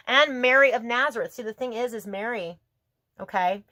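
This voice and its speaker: A woman giving a tarot reading to her viewers, talking in a gentle, emotive, spiritual way that wanders from thought to thought. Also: a little high, moderate pace. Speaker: tarot reader.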